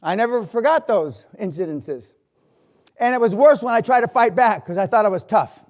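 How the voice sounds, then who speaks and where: An older man giving a live motivational talk in a university hall, telling stories bluntly and with swearing, swinging from loud to quiet. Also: high-pitched, expressive, normal speed. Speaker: motivational speaker.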